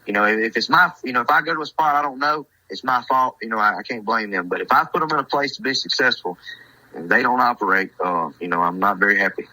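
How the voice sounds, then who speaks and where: Young man, twenties, podcast guest, laid-back, hesitant, very bright tone, dry sound. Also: mid-range voice, fast, no echo, low-quality recording. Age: 20s. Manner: laid-back, hesitant, with many "you know" fillers. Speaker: hunting dog handler, guest. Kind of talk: casual podcast chat.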